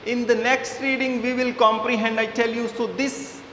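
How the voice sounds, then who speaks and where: A man with an Indian English accent teaching an English lesson to schoolchildren, talking slowly with many fillers and repeated words. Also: very high-pitched, level tone, fairly bright tone. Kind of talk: classroom video lesson. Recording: echoey room with faint background noise.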